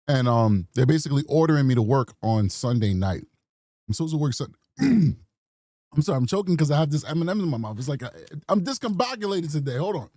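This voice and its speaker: Animated chatty man hosting. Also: a little high, dry recording, studio quality. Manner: animated, chatty, apologetic asides. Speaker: true crime podcast host. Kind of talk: casual rambling commentary.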